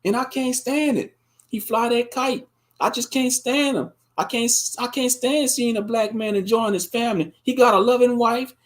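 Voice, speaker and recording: A man's voice: very high-pitched, steady tone, moderate pace, pitched above the performer's own voice. A man putting on the voice of a petty woman phoning the police to complain. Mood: whiny complaining. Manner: whiny, complaining.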